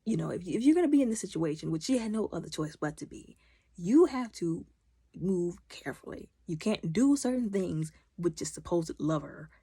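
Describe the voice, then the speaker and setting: A woman recaps a TV episode with animated, opinionated commentary and talks back to the characters. Her voice is husky and a little low. The sound is close and dry. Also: moderate pace, no echo. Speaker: video recap host.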